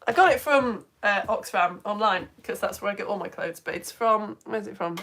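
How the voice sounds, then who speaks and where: A woman hosting a live stream lesson, chatty and excitable, reading out viewer comments and laughing often. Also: mid-range voice, normal speed. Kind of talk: casual live-stream chat.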